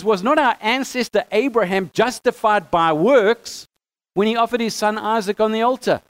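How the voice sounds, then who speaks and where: A man with a notably high speaking voice explains scripture in a relaxed, conversational way. He stumbles and restarts now and then, and leans into quoted verses with extra emphasis. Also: a little fast. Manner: conversational, animated when reading quotes, some stammering restarts. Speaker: teacher. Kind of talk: Bible teaching talk.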